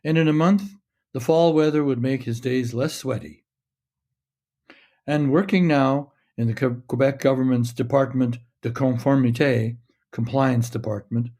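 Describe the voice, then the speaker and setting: A man reading his own short story aloud in a measured, steady narration. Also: mid-range voice.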